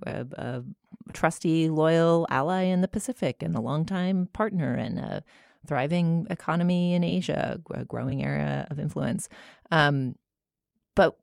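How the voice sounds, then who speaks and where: American woman co-host, very deep with vocal fry, dry close mic. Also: darkish tone, dry recording. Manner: chatty, trailing restarts. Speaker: podcast co-host. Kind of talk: casual chat.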